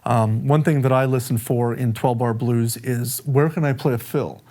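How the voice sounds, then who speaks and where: A man giving a casual music lesson, explaining song form in a relaxed, conversational way and counting bars aloud. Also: medium pitch, normal speed. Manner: counts bars aloud over a playing track. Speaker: music teacher. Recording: music playing behind the voice.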